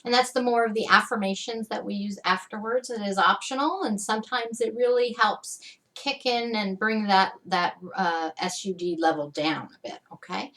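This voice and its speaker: A woman's voice: medium pitch, normal speed, a bit bright, distant mic. A woman leading an EFT tapping lesson, talking to the viewer in a chatty way and saying her affirmation phrases with strong emphasis.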